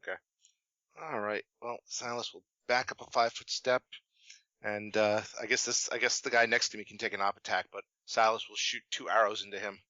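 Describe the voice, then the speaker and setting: Bright-voiced man calling out rolls. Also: lowish voice, flat delivery, a little fast, no echo. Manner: matter-of-fact, calling out rolls. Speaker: player. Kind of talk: casual banter at a tabletop game. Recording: dry, slightly dull podcast mic.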